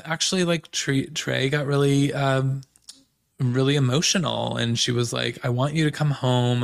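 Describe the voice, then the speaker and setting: Gravelly-voiced man recapping reality TV. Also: medium pitch. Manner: chatty, filler-heavy, gossipy. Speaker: podcast host. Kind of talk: casual recap chat.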